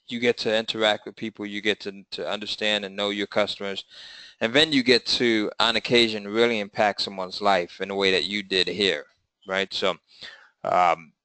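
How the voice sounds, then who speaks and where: A man from the US East Coast hosting a webinar, upbeat and reassuring as he wraps up a sales pitch. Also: pushed and bright, clean tone, dry recording, rough recording. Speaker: webinar host.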